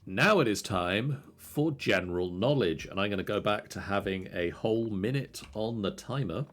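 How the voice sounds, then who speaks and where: A man's voice: on the low side, expressive, normal speed, a bit bright. A man hosting a live quiz night in an easygoing way, reading each question out twice and laughing along with the players. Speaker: quiz host.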